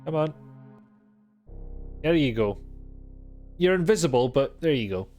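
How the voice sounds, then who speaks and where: A man's voice: fairly high pitch, expressive, unhurried, a little mellow, lo-fi sound, faint music behind. A man streaming a video game live, commenting in a sweary, exasperated and sarcastic way.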